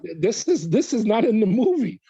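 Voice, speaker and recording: A man's voice: high-pitched, fairly quick, gravelly, slightly rough, no room sound, muffled recording. A man, a former corrections officer, telling his story in an interview, acting out what people said to him. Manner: animated retelling with quoted dialogue.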